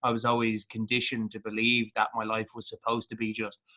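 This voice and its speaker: A bright, clear-voiced man hosts a podcast. He chats casually and loosely, swearing freely and padding his talk with fillers. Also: on the low side, monotone, a little fast. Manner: laid-back and sweary, with many fillers. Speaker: podcast host. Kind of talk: casual chat.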